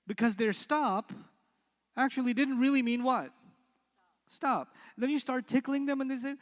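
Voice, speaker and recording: A middle-aged man teaching an Arabic class, telling animated stories, acting out quoted voices and quizzing his students. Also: very high voice, moderate pace, in a large hall. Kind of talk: lecture with storytelling.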